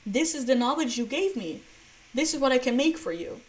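A woman's voice: high voice, lively intonation, fairly quick. A woman voicing the universe as a casual, helpful cosmic cook who answers in a matter-of-fact, shrugging way.

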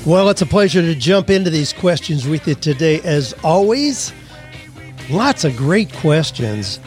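With faint music behind him, a man whose voice is a little high and a little mellow hosts a career podcast, speaking a little slowly but very animatedly. He's conversational, often saying "you know" and "well," and toys with how shifting emphasis alters meaning.

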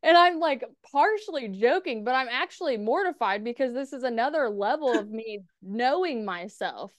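A woman's voice: a little high, expressive, moderate pace, dry recording. A woman guest on a podcast telling stories in a casual, candid way, swearing freely and acting out conversations. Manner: candid, swears freely, quotes herself and others in dialogue. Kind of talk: casual storytelling interview.

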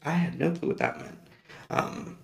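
A man's voice: on the high side, moderate pace, gravelly. A man hosting a personal storytelling podcast, rambling and correcting himself as he goes, laughing often. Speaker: podcast host. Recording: roomy echoey recording.

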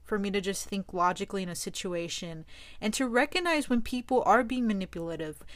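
A young woman speaks a candid monologue to her camera, slangy and blunt, leaning on swear words for emphasis. Her voice sits at a middle pitch. The sound is close and dry, with no room around it. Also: lively intonation, brisk, no echo. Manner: emphatic, casual slangy talk, swears a lot. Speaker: vlogger.

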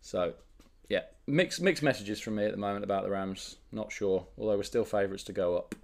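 A man co-hosting a podcast in casual chat, chatty and quick to laugh. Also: lowish voice, vocal fry. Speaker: podcast co-host.

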